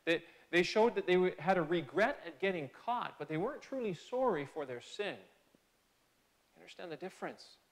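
Man, pastor, sermon, earnest, fairly high-pitched, rising on key phrases. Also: expressive, normal speed. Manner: conversational asides and small restarts. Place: church sanctuary.

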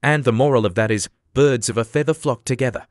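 A man's voice: mid-range voice, fast talker, dry recording, studio quality, lightly acted. A man voicing a moralizing, agreeable old Duchess in a prim, sententious manner.

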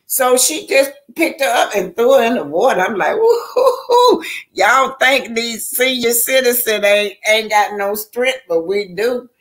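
A woman's voice: a little high, measured pace, few pauses, a bit bright. An older woman, hosting a casual livestream, chatting and greeting viewers by name in a loose, rambling way. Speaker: YouTube livestream host.

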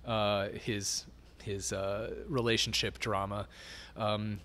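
A man's voice: on the low side, level tone, slow pace, fairly bright tone. A middle-aged man telling stories as an interview guest, rambling with many fillers and frequent laughter. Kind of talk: casual storytelling interview.

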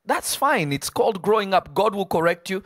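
Man preaching, high voice, emphatic, dry close sound. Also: normal speed, no echo. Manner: animated, emphatic, asks and answers himself. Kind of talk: preaching on a podcast.

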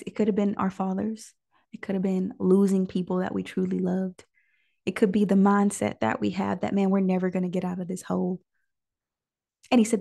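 A woman, leading a prayer call and preaching prophetically, dropping to breathy whispers and rising into impassioned declarations. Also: a little high, darkish tone.

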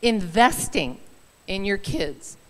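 Older lady teacher giving a teary speech, bright voice, big echoey hall. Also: medium pitch, animated, slow pace. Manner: earnest, emotional, laughs between lines. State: choked up. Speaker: retiring teacher. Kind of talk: heartfelt ceremony speech. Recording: long reverb in a large hall.

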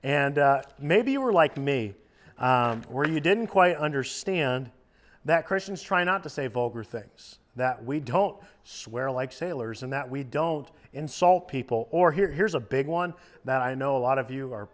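A man who is a youth minister, giving a casual sermon in a lively, joking conversational way. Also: medium pitch, a little slow. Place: church youth service.

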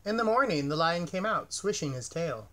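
A man reading a children's picture book aloud in a gentle, expressive storytelling manner. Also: a little high, moderate pace.

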